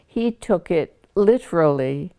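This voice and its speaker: An older woman telling her family's story in a relaxed, good-humored way for a news interview. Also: lowish voice, takes it slowly, clear, resonant tone.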